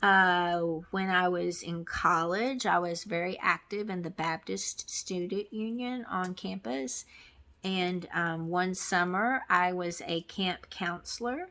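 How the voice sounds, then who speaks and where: A woman's voice: fairly low pitch, takes it slowly, pushed and bright. A middle-aged woman from Texas chatting casually to camera in a crafting vlog, rambling with many ums and restarts. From Texas, USA. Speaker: crafting vlogger.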